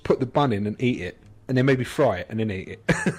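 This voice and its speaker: A man's voice: medium pitch, lively intonation, brisk, a little mellow, husky. An English man co-hosting a podcast, telling a rambling, sweary anecdote and acting out other people's voices. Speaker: podcast co-host. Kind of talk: casual storytelling chat.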